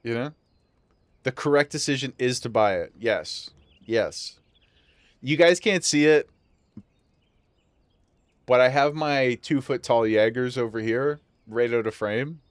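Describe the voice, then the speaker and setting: A man's voice: mid-range voice, measured pace, pauses often, clean tone, no room sound. Jokey man streaming a game from home. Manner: jokey, laughs often, reads game dialogue aloud. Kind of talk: casual live gameplay commentary.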